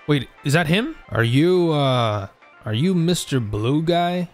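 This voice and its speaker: A man's voice: on the high side, lively intonation, slow. Joking young man playing a game. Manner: joking, reads game lines aloud in put-on voices. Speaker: gaming YouTuber. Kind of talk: comedic let's-play commentary. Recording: game music underneath. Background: faint game music.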